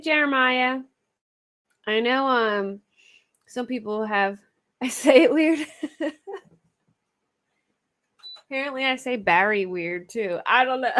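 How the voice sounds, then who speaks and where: A woman's voice: high voice, a bit bright. A woman with a Philadelphia accent chatting casually with her livestream viewers, laughing often and fretting over how she says words. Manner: chatty, laughs often, self-conscious about her pronunciation. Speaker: true crime livestream host. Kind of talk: casual chat with live chat viewers.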